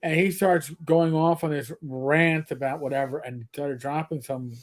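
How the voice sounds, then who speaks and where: A man's voice: a little high, fairly even intonation, normal speed. Rambling middle-aged male co-host. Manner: rambling storyteller, joking, frequent restarts. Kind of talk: casual livestream chat.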